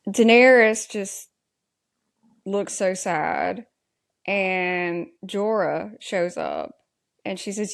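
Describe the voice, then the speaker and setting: A woman's voice: mid-range voice, lively intonation, vocal fry. A woman co-hosting a podcast, chatting casually through an episode recap and reading scene lines aloud. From Southern US. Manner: unhurried, reads scene dialogue aloud. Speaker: podcast co-host.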